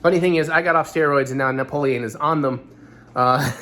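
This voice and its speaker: Fast-talking hoarse man vlogging. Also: fairly high pitch, fairly even intonation, sharp tone. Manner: rambling, talkative, self-deprecating asides. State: hoarse, gravelly voice. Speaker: vlog host. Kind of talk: casual vlog chat.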